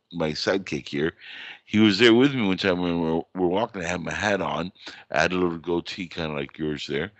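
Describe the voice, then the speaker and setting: A man hosting a podcast in casual chat, telling a story with lively energy and acting out other people in a high voice. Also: no echo. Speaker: podcast host.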